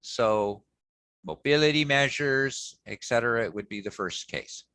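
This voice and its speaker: A man giving an academic lecture in a relaxed, conversational way, often pausing with "um" and checking in with "okay" as he explains slides. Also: mid-range voice, no room sound. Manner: conversational, frequent "okay" and "um" fillers, self-corrections.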